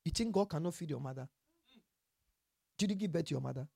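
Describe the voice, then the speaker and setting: Preacher mid-sermon; husky delivery, dry close sound, quizzes the congregation, builds to emphatic peaks. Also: mid-range voice, lively intonation, fast, no echo. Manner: asks the congregation questions and answers them; emphatic, building to loud passages. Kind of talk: sermon with Bible reading.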